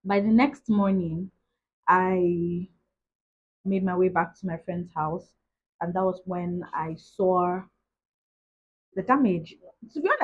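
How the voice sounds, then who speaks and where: A young woman recounts her story straight to camera, chatty and loose, leaning on "like" between thoughts. Her voice is husky and sits at a middling pitch. The recording is dull and lo-fi. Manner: chatty, retells events with many "like" asides. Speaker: vlogger.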